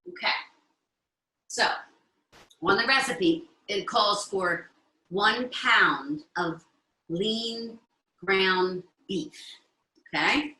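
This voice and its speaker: Cooking live from her home kitchen, a middle-aged woman with an Italian-American accent chats as she works and often checks in with her viewers. She has a medium-pitched, bright, forceful voice, captured in a reverberant, low-quality recording.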